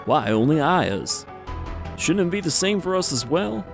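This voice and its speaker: A man's voice: a little high, very animated, unhurried, gravelly, music in the background, pitched above the performer's own voice, full character voice. A man voicing a blunt, tough male police officer who talks in a brusque, casual way.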